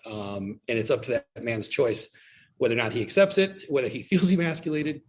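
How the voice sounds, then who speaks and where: A man's voice: mid-range voice, fairly quick, a little hiss or hum. Opinionated man in casual podcast talk. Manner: opinionated, mixes in acted quotes. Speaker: podcast guest, restaurant owner.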